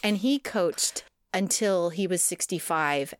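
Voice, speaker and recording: A woman's voice: on the low side, slow pace. A woman casually telling a sumo wrestler's life story to a co-host, laughing at times and digressing. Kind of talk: casual chat.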